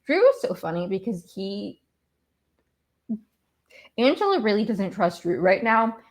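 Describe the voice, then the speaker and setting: A woman's voice: mid-range voice, very animated, measured pace. A woman hosting a podcast, recapping a reality show in a casual, rambling, exasperated way and often going off on tangents. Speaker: podcast host.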